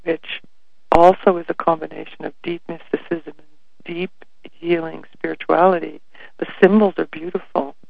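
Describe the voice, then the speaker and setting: A man and spiritual workshop leader telling personal stories in a reflective way, soft-spoken and often dropping to a near whisper. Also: on the high side, vocal fry. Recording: dry, phone-like narrow sound.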